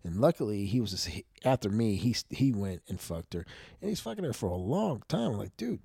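A man's voice: lowish voice, big pitch swings, a little fast, gravelly, mellow, slightly rough, no room sound, studio quality. A man hosting a podcast, talking in a frank, profane, rambling casual monologue. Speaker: podcast host.

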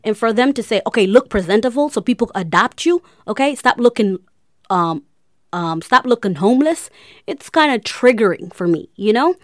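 A young woman telling a personal story, halting often with fillers and getting emotional. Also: on the high side, lively intonation, dry recording, clean studio sound. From grew up in a refugee camp.

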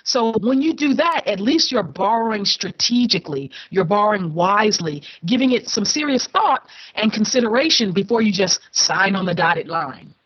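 A middle-aged woman, a podcast guest, telling a lively personal money story with frequent laughs and acted-out quotes. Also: medium pitch, normal speed, breathy edge, dry recording, highs cut off. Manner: animated storyteller, laughs often, acts out quoted voices. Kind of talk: conversational storytelling interview.

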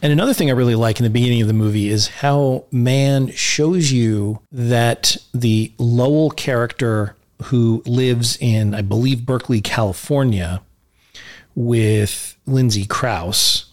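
Male podcast host, mid-pitched, eager and rambling, casual film talk. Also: a little slow. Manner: enthusiastic, rambling with restarts.

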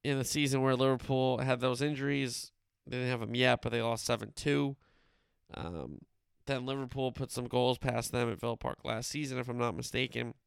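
A man's voice: mid-range voice, fairly even intonation, normal speed, vocal fry, clear, resonant tone, no echo, clean studio sound. A man casually running through soccer scores and previews as a podcast host, rambling and correcting himself as he goes. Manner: conversational, rambling with fillers and self-corrections. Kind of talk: casual sports roundup.

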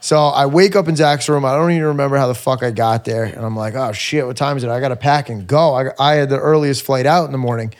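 Animated storytelling man on a podcast. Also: mid-range voice, fast talker, few pauses. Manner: loud animated storytelling, acts out quotes. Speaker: podcast co-host. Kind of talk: casual chat.

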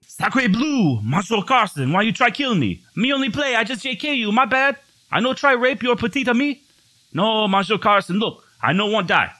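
A squealing, begging French bully. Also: male voice, high voice, lively intonation, normal speed, sharp tone, dry recording, pitched above the performer's own voice. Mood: pleading, panicky. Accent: mock French. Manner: pleading, broken English, exaggerated. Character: blustering French-Canadian bully begging for life. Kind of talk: comic storytelling voice.

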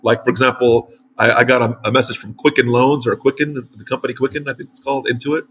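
Chatty American male host, lively anecdotes with frequent restarts, faint hiss behind him. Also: medium pitch, fast. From United States. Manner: animated storytelling with frequent restarts. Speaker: show host and site publisher. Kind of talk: casual conversational interview. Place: home in northern Mexico.

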